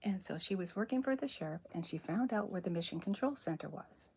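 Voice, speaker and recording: A woman chatting in a soft-spoken, whispery way during an ASMR drawing livestream, rambling and correcting herself as she goes. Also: fairly low pitch, expressive, fairly quick, husky. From American South. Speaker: cartoonist streaming live.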